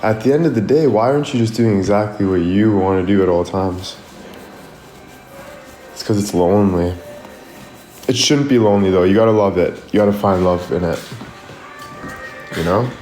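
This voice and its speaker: A social media creator on a livestream rambles through casual motivation, saying "like" and "you know" a lot. His voice is on the low side and mellow, at a normal speed with frequent pauses; the room is echoey and faint music plays behind.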